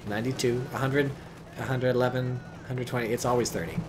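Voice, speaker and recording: A man's voice: medium pitch, steady tone, fast talker, background noise. A man giving casual, rambling commentary on a strategy game, joking and swearing as he goes. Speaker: game caster.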